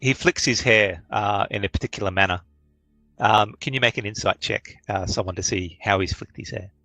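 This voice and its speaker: A man narrating as game master, with many pauses and restarts. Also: on the low side, gravelly, pushed and bright, no room sound. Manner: hesitant, full of ums and restarts.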